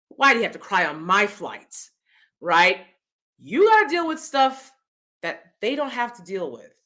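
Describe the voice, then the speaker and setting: Chatty woman vlogger with a bright voice. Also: lowish voice. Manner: chatty, expressive, laughs often. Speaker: vlogger host. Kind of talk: casual opinion commentary.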